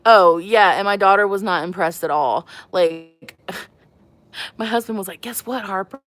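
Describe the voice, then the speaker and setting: A woman's voice: mid-range voice, measured pace, fairly bright tone. A woman hosting a makeup livestream, chatting casually and giggling as she answers her viewers. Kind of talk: casual live-stream chat with viewers.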